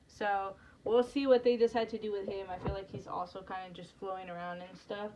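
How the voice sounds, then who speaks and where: A woman's voice: medium pitch, flat delivery, fairly quick, mellow, highs cut off. A woman co-hosting a casual wrestling review podcast, chatty and steering from topic to topic with lots of "like". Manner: chatty, leads the segments, frequent "like". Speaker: podcast co-host. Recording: distant mic with background noise.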